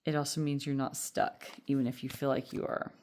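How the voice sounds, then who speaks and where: A woman's voice: very deep voice, little pitch movement, fairly quick, a little mellow. A woman giving a casual, reassuring tarot reading, chatty and rambling with fillers. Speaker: tarot reader.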